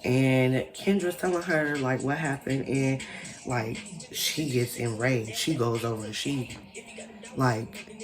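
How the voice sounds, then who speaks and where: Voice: medium pitch, takes it slowly, over music. A vlogger telling a wild personal story in a casual storytime monologue, chatty and full of "like" fillers, swearing freely and acting out the people in it. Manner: animated, acts out quoted people.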